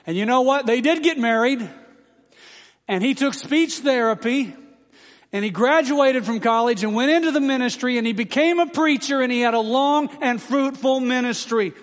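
A pastor with a high, ringing voice preaches an emphatic sermon. He builds to rousing questions and slows for weight. The words hang in the long reverb of a church sanctuary.

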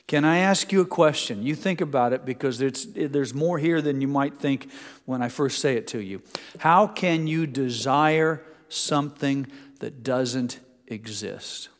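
A man preaching a sermon in a conversational way, often slowing down and dropping to a hush for emphasis. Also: medium pitch, big-room sound. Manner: conversational preaching with many restarts, slows and hushes for emphasis. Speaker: pastor.

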